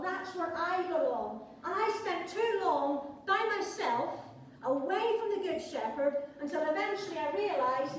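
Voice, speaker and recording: A woman's voice: very high-pitched, expressive, a little slow, slight background noise. A woman preaching a sermon in a church, conversational with playful asides. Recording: echoey church hall from far off.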